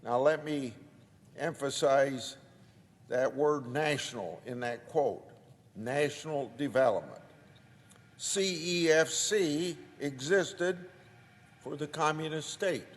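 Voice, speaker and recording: Measured male senator with a slightly high voice, reading quotes into the record in a reverberant chamber. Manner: deliberate, reads out quoted documents. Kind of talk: formal floor speech.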